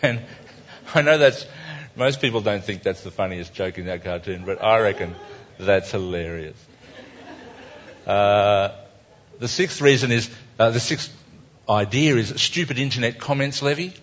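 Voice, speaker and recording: A man's voice: lowish voice, unhurried, long pauses. A man with an Australian accent, a cartoonist talking an audience through his cartoons in a wry, chatty, self-mocking way. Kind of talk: casual live talk to an audience. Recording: dull lo-fi recording.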